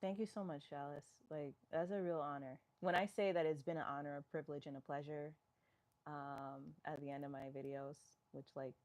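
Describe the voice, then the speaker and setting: A woman's voice: low voice, fairly even intonation, fairly quick, darkish tone. A woman from New York, a fitness live-stream host, chatting casually as she reads viewer comments aloud and answers them.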